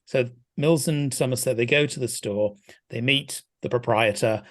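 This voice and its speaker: A man's voice: mid-range voice, normal speed. A man guest discussing a film in a casual podcast chat, thoughtful and hesitant with frequent restarts.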